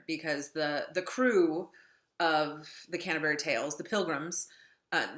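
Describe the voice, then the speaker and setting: Low-voiced woman lecturing in echoey room. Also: bright, forceful tone. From North Dakota. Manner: chatty, wry, with many ums. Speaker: literature lecturer. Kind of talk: classroom lecture.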